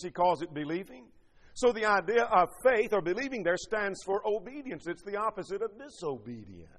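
A man delivers a sermon in a high voice, pressing his points with rhetorical questions and quoted scripture. His voice rings out in a hall with a long reverb tail. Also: fairly bright tone. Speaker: preacher.

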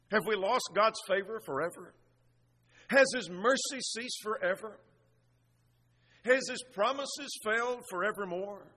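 Bright-voiced preacher in a reverberant hall. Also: male voice, high-pitched, expressive, moderate pace, husky. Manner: earnest, piles up rhetorical questions. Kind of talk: expository sermon on a psalm. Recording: long reverb of a large hall.

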